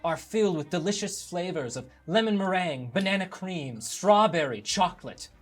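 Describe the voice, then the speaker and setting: A man running a live tabletop role-playing game as dungeon master, playful and quick to laugh, with faint music behind him. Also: sits high, animated.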